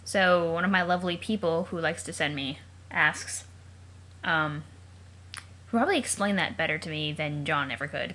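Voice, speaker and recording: A woman's voice: deep voice, moderate pace, sharp tone, a little hiss or hum. A woman hosting a let's play, reading a webcomic aloud and breaking off into chatty, joking asides and questions she wonders about aloud. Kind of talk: casual read-aloud with commentary.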